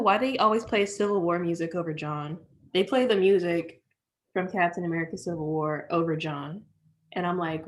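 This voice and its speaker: A woman's voice: lowish voice, a bit bright. A young woman co-hosting a podcast, chatting casually and making offhand jokes in slang. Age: young adult. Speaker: podcast co-host. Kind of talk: casual chat.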